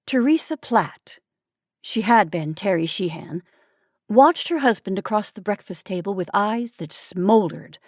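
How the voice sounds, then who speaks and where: Storytime host, expressive measured reading, mid-range woman's voice, dry close sound. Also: mid-range voice, dry recording. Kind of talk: reading a classic short story aloud.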